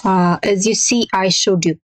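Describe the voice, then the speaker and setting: A woman teaching a language lesson, hesitating with many fillers and modelling example phrases slowly and carefully. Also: mid-range voice, steady tone, slight background noise, poor audio.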